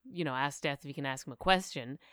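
A woman co-hosting a casual book podcast, relaxed and affirming as she chats. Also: extremely low pitch, fast talker, dry recording, clean studio sound. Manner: relaxed, frequent affirming listener. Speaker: podcast co-host.

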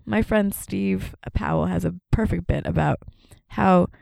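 A woman in her thirties from Canada, telling stories as a guest in casual chat, with quick laughs and voices for the people she quotes. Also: fairly low pitch, creaky, a little mellow, no room sound, clean studio sound.

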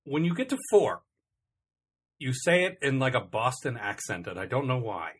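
A man's voice: medium pitch, big pitch swings, moderate pace, husky. A man co-hosting a comedy podcast, chatting casually in a rambling, self-interrupting way with dry, complaining humor. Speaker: podcast co-host.

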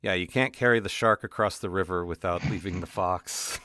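A man's voice: deep voice, normal speed, bright, forceful tone, no echo, clean studio sound. A man co-hosting a podcast in casual chat, wry and chatty and often laughing. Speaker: podcast co-host.

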